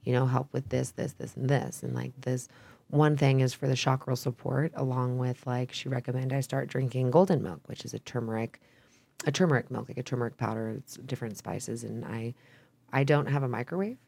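A woman's voice: extremely low pitch, steady tone, fairly quick, vocal fry, warm tone, breathy edge, no echo. A young woman from Idaho, a podcast guest talking in a casual, rambling way, full of "like" and "um," swearing freely. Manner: rambling, frequent "like" and "um", candid with swearing. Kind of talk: casual chat.

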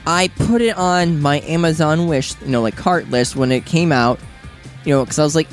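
A man's voice: on the high side, normal speed, faint music behind. A man co-hosting a casual podcast, rambling about video games and acting out his own reactions. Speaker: podcast co-host.

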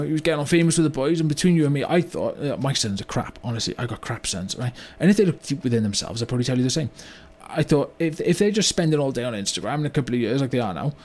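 An actor portrays a blunt older car yard owner, remorseful and British-accented, who rambles through a story peppered with "you know" and "right?" in a mock-documentary comedy monologue. His medium-pitched male voice sounds natural and a little mellow.

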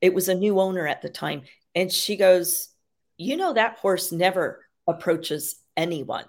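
A woman guest who works as an animal communicator and medium tells stories in a casual storytelling interview, rambling and filler-heavy with frequent "you know." Her lowish voice has lively intonation, a slightly slow pace, and a little mellowness.

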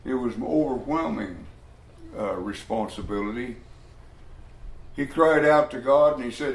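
A man's voice: mid-range voice, measured pace, pauses often. A man preaching a folksy, emphatic Bible study sermon, acting out the voices in his stories. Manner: folksy, emphatic, acts out quoted voices loudly. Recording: echoey room with faint ambient noise.

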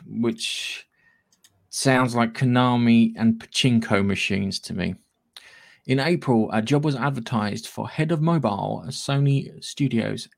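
A man's voice: mid-range voice, creaky. A man co-hosting a casual gaming news podcast, chatty and rambling, with casual swearing. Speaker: podcast co-host.

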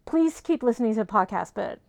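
A woman's voice: a little high, lively intonation, creaky, a little mellow, no room sound. A woman co-hosting a podcast in casual chat, blunt and emphatic. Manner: blunt, emphatic, quick reactions. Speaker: podcast co-host.

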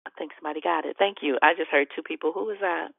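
A woman leading a prayer call over the phone, praying fervently, greeting callers warmly and laughing often. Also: low-pitched, racing, vocal fry. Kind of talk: prayer and devotional teaching on a call. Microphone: phone on a conference call. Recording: tinny phone line.

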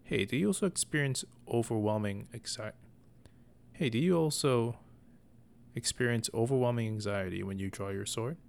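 A man's voice: medium pitch, normal speed, gravelly, natural voice. A man voicing an anxious, sulky young brother of a knight who whines and hesitates. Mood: fearful. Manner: whiny, hesitant, fearful.

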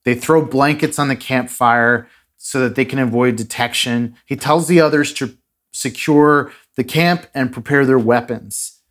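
A man hosting a podcast, casually retelling a strange story with dramatic pauses and a few fillers. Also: medium pitch, fairly bright tone. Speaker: podcast host.

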